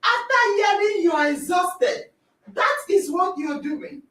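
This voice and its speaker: A Nigerian woman with a very high voice that swoops widely, talking slowly and acting out little scenes with loud exclamations. She sounds some way from the mic, in a roomy, echoey space. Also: lively intonation. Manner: dramatic, acts out scenes, exclaims and yells. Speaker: podcast host. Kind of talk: animated motivational talk. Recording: echoey room, distant mic.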